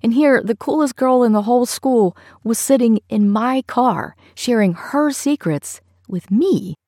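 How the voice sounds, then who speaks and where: A woman narrating a story in the first person, in a steady, measured storytelling manner. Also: on the high side, husky, no room sound, studio quality. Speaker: audiobook narrator.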